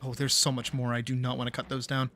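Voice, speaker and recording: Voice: mid-range voice, monotone, quick pace, fairly bright tone. A young adult game streamer chatting casually and swearing freely while playing. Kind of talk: casual gameplay commentary.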